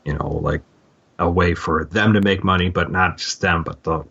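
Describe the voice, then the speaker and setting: Very deep-voiced man, rambling casually. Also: fairly even intonation, moderate pace, gravelly, sharp tone, slightly rough, dull audio. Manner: rambling, many fillers and restarts. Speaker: podcast co-host. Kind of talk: casual book-club discussion.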